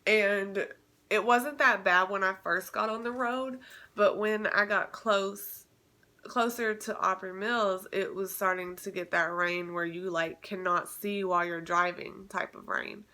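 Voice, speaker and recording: A woman's voice: medium pitch, steady tone, a little slow, sharp tone. A young woman telling a story in a casual vlog, chatty and emotional, with many restarts. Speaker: vlogger.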